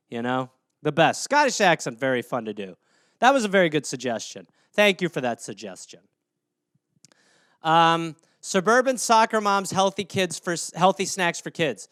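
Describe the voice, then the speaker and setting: A man's voice: fairly high pitch, animated, moderate pace, a bit bright, clean tone, no room sound, clean studio sound. A man hosting a solo comedy podcast, rambling through jokes and poking fun at himself. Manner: rambling, self-mocking jokes. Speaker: podcast host.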